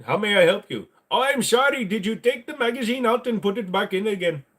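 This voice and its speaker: A man's voice: sits high, lively intonation, a little fast, fairly bright tone, pitched above the performer's own voice. A man voicing a polite male tech support agent with an exaggerated, overly courteous Indian accent.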